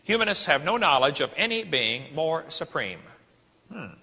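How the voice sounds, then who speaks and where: A man's voice: a little high, very animated, moderate pace, sharp tone, breathy edge. A man giving an emphatic, preacherly lecture full of rhetorical questions, recorded in an echoey hall. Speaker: speaker.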